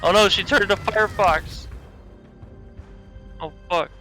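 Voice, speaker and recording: A man chatting while he streams a game, animated and joking, laughing often and slipping into silly voices. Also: high voice, unhurried, faint music behind, low-quality recording. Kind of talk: casual gameplay chat.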